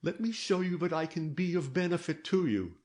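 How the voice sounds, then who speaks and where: A man reading aloud, voicing an elderly detective who speaks gently and soothingly, coaxing and fatherly. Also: on the high side, animated, normal speed, voice pushed up, close to an everyday voice. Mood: gentle coaxing. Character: old male detective, fatherly, gentle and shrewd.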